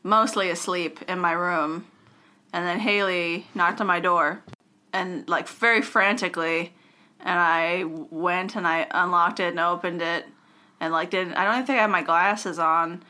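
A young woman with a bright, tense edge to her voice co-hosts a casual podcast. She tells stories in a giggly, quick-witted way and laughs often. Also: fairly low pitch, fairly even intonation. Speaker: podcast co-host. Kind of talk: casual chat.

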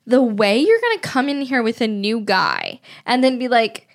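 A woman's voice: on the high side, sing-song, moderate pace. A young woman co-hosting a podcast in casual chat, blunt and opinionated with plenty of slang. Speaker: podcast co-host.

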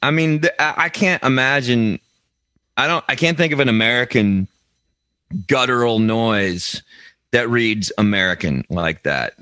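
A man's voice: medium pitch, expressive, a little slow, sharp tone, smooth, no echo. A man co-hosting a comedy podcast, riffing jokily and often slipping into silly voices. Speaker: podcast co-host. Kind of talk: comedic banter.

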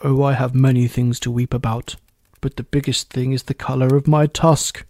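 A man's voice: level tone, moderate pace, a little mellow, dry recording, natural voice. Man voicing an angry old rhinoceros. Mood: mournful. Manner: deep and angry.

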